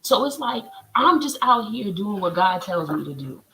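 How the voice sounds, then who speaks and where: Gravelly-voiced woman chatting on a live stream. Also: mid-range voice, sing-song, moderate pace, a bit bright, low-quality recording. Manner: chatty and colloquial, preachy encouragement. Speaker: spiritual healer reading oracle cards. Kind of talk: casual live-stream chat.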